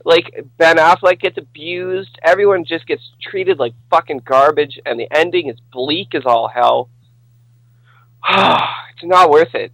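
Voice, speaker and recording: A man's voice: medium pitch, creaky, fairly bright tone, no room sound, rough recording. Ranting, swearing male podcaster. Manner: angry, profane, ranting. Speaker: podcast co-host. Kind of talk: casual podcast rant.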